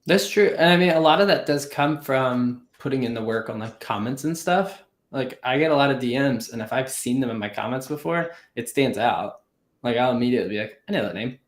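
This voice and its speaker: A man hosting a casual live chat, easygoing and quick to agree, leaning on fillers. His voice sits in an echoey room. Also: medium pitch, animated. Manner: easygoing, affirming, filler-heavy. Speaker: host.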